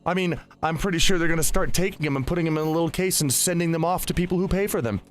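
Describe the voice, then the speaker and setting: High-voiced chatty male podcast host. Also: racing, soft background music. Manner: chatty, laughs often, rambling restarts. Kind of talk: casual podcast chat.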